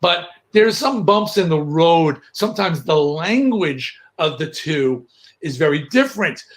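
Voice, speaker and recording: A middle-aged man chatting as a guest on a video call, telling lively stories with frequent restarts. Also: a little high, a little slow. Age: middle-aged or older. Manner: animated storyteller, frequent restarts. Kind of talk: casual chat.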